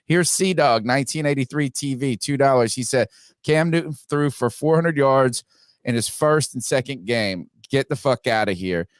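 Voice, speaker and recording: Man, podcast host, casual sports talk, opinionated, mid pitch, dry close sound. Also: normal speed, smooth, dry recording. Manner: opinionated, reads viewer donations aloud, frequent restarts.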